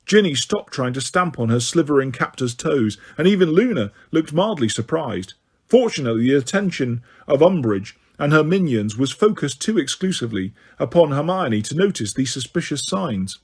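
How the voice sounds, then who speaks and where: A man narrates an audiobook with a steady storytelling delivery. His voice sits a little high for a man. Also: normal speed, slightly rough.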